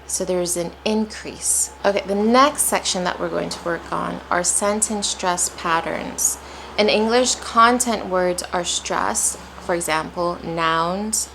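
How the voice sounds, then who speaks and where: An American woman teaching English pronunciation, modeling words slowly and breaking syllables apart. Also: on the low side, fairly bright tone, slight background noise. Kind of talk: slow, deliberate pronunciation lesson.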